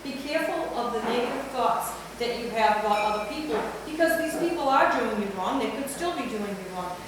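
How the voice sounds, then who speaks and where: Frau mit etwas hoher Stimme, persönlicher Rat vor einer Gruppe, hallig und fern. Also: female voice, a little high, animated, fairly quick. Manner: confessional, laughing asides. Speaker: workshop speaker. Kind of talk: personal advice talk. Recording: echoey hall, far from mic, noisy.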